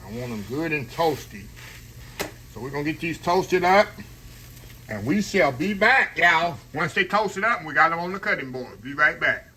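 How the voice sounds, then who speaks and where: A man with a slightly high, expressive voice speaks at a moderate pace as he hosts a home cooking vlog, rambling chattily at the stove and using "y'all" over and over. The audio, taken from a tripod-mounted camera, is poor, with slight background noise and a skillet loudly sizzling and frying.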